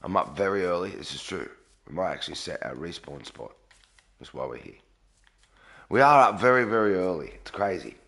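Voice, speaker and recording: A man live-streaming a game early in the morning from a garage, talking quietly and sleepily while reading out chat. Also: deep voice, very animated, brisk, creaky. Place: garage with echo.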